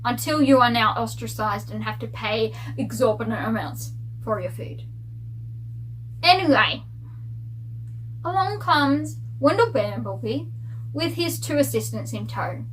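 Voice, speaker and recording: A woman talking through her reading in a lively, gossipy rant. Her voice sits a little high for a woman, with a faint hum in the background. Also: a little slow, pauses often, low-quality recording. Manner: animated, ranting, gossipy. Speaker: book vlogger. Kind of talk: casual spoiler book review.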